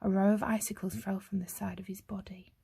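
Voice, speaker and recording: A woman reading a children's chapter book aloud with a clear, expressive delivery. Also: medium pitch, fairly quick, no room sound. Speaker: storyteller.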